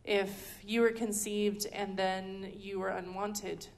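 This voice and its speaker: A woman's voice: medium pitch, little pitch movement, slow. Lady teaching a ministry school class, casual chatty delivery, lots of ums. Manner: chatty, frequent ums and restarts. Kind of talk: conversational teaching talk. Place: indoor teaching hall.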